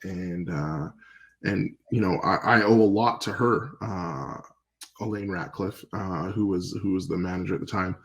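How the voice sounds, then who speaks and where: A man from Canada, a podcast guest, telling stories in a relaxed, rambling way with fillers, acting out old phone calls. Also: sits low, a little slow, vocal fry, poor audio. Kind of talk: casual storytelling interview.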